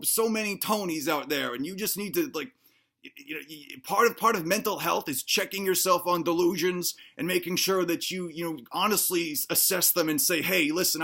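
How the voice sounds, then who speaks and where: A man's voice: on the high side, sharp tone. A man playing a bumbling, self-assured cop who gives absurd advice, rambling and stammering in a mock-earnest way. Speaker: comedic self-help presenter. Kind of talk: deadpan comedy sketch.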